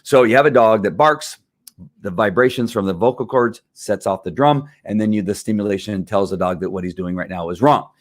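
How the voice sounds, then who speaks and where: A man's voice: on the low side, a little fast, no room sound, clean studio sound. A man explaining dog training in a casual, emphatic way, now and then imitating barking dogs.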